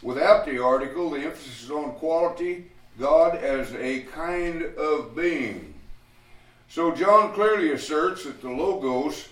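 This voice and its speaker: A man preaching an expository Bible lesson, slow and deliberate, with frequent pauses and fillers. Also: on the high side, fairly bright tone. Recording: echoey room picked up from a distance.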